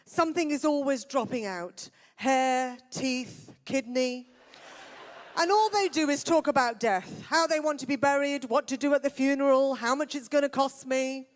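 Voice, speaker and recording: A woman from Britain, doing a dry deadpan stand-up routine on a festival stage. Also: high-pitched, normal speed. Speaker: stand-up comedian.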